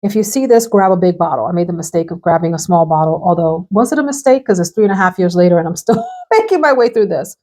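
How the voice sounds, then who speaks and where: Brief: woman perfume vlogger, bubbly, chatty, quick laughs, casual to-camera talk at home. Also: fairly low pitch, animated, a little mellow. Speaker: fragrance reviewer. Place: home room with perfume shelves behind.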